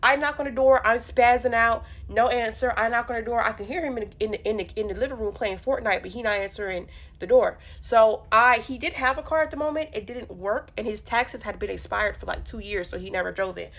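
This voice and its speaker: A young woman telling a funny personal story in a casual storytime vlog, animated and profane, with punchy delivery. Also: on the high side, fairly quick, hardly any pauses. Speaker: storyteller vlogger.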